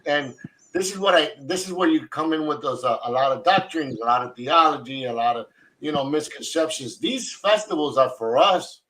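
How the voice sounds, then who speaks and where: A man's voice: on the high side, normal speed, a bit bright, poor audio. Fervent man leading a Bible study. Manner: repeats words, fervent, restarts often. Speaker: host of a Torah study broadcast. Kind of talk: casual Bible study discussion.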